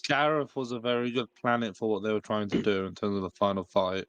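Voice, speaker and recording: A man co-hosting a casual podcast, giving measured opinions with fillers. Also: fairly low pitch, steady tone, fairly bright tone, clear, resonant tone. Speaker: podcast co-host. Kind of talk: casual chat.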